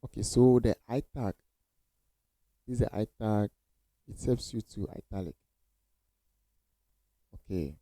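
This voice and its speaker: A man's voice: on the low side, a little slow, long pauses, dark tone, dry recording, poor audio. A man teaching coding basics in a casual screen-share tutorial, repeating phrases and reassuring viewers with many okays.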